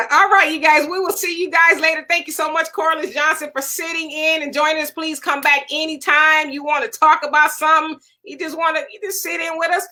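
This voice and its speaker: A woman hosting a casual panel chat show, animated and reading viewer comments aloud. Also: sits high. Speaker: show host.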